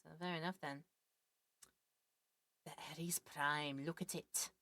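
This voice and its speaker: A woman's voice: deep voice, steady tone, slow pace, pushed and bright, no echo. A woman streamer chatting casually and joking while playing a video game. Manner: chatty, jokey, thinks aloud. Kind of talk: casual let's-play commentary.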